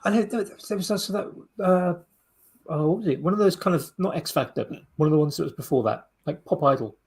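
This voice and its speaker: Husky man chatting in rambling restarts. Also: fairly high pitch, brisk, a little mellow. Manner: rambling, hesitant, many restarts and fillers. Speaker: podcast co-host. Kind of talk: casual chat.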